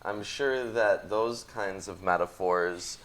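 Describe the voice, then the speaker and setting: A man's voice: low-pitched, slow, a bit bright, low-quality recording. A man co-hosting a casual discussion, reading scripture aloud and adding dry sarcastic remarks.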